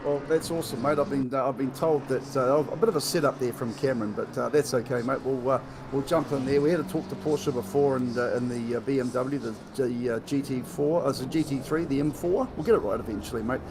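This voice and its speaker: A man's voice: mid-range voice, quick pace, hardly any pauses, background noise. A man with a New Zealand accent commentating a live sim race, chatty and joking, with lots of fillers and restarts.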